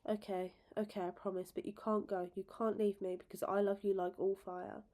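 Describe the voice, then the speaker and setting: A young man clings to the woman he loves and begs her to stay, his voice urgent and raw with feeling, as a woman reads his part. The tone is dark and mellow, at an even middle pitch. It is a storybook read aloud. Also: moderate pace, natural voice. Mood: grieving. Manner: pleading, urgent, emotional. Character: young man, desperate grieving lover.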